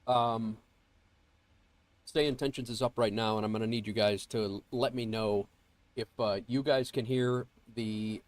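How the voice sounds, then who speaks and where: A man's voice: mid-range voice, fairly even intonation, unhurried. A man streaming a flight sim, chatting casually and greeting viewers, nasal and congested from a cold and rambling with fillers and restarts. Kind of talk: casual livestream chat. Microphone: earbuds mic.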